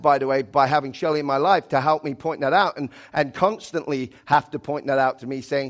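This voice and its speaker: A man preaching a conversational sermon as pastor in church, swinging between loud emphasis and quiet asides. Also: on the high side, steady tone, fairly quick, hardly any pauses. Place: church sanctuary.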